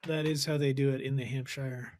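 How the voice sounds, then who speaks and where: Deadpan male podcast co-host. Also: medium pitch, no room sound. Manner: dry, deadpan jokes, drawn-out name reading. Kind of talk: casual chat.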